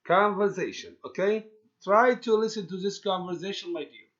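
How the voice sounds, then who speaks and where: A man teaching an English lesson, halting often with fillers and repeating words as he explains. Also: sits high, fairly bright tone. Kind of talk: recorded classroom lesson explanation. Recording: dull lo-fi recording.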